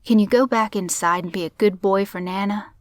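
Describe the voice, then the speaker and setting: A woman voicing a young cowboy father who speaks softly and soothingly to his son. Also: medium pitch, brisk, dry recording, clean studio sound, close to an everyday voice. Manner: soft, soothing, pleading.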